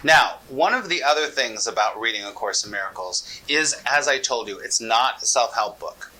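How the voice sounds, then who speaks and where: A man teaching about a spiritual text, speaking earnestly with slow, deliberate emphasis. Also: mid-range voice, animated, rough recording. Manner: soft, drawn-out reading aloud.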